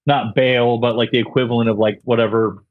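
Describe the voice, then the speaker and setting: A young man in his late twenties chats loosely as a podcast guest, swearing freely and circling back on himself through fillers and false starts. His mid-pitched voice sits in a dry, close space. The sound is a bit dull and muffled. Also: flat delivery, fairly quick, no room sound. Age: young adult. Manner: rambling, profane, full of fillers and restarts. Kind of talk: casual podcast chat.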